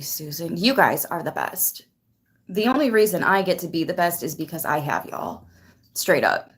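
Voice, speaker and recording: A tarot reader with a lowish voice talks casually to her livestream audience, greeting viewers by name. She's near tears, emotional and full of gratitude as she hosts her channel.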